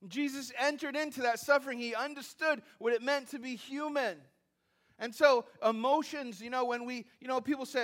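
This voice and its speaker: A man's voice: very high-pitched, a little fast, fairly bright tone. A man preaching a sermon in a conversational way, with asides and self-deprecating humor, often repeating phrases and restarting as he builds his points. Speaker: pastor.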